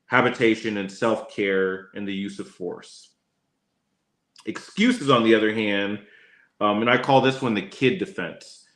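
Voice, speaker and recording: A man's voice: lowish voice, unhurried, a bit bright, reverberant. A man who is an attorney, giving a casual, chatty law lesson on a livestream and often addressing his co-host by name.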